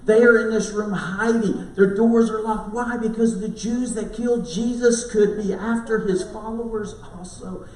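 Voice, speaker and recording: High-voiced pastor preaching in an echoey church. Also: male voice, darkish tone, a little hiss or hum. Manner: conversational, storytelling with asides to the congregation. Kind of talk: sermon. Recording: roomy echo, mic at a distance.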